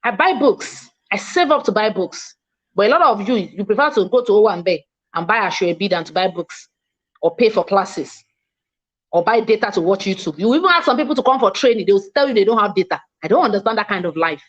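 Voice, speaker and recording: A woman from Nigeria with a Nigerian English accent, giving a fast, emphatic, self-assured online mentoring talk as a coach. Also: medium pitch, animated, lo-fi sound. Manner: speaks fast, by her own account.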